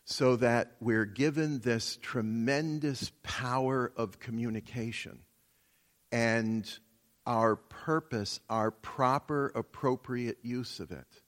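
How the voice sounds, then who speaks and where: A man preaching a sermon at a slow, deliberate pace, teaching step by step with many pauses. His middle-pitched voice carries the long reverb of a church hall. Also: fairly even intonation.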